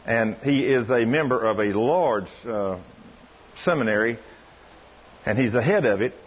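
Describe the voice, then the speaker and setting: Male preacher, folksy storyteller, husky voice, dull radio sound. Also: measured pace. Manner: folksy, animated, rises high when quoting others. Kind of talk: sermon storytelling.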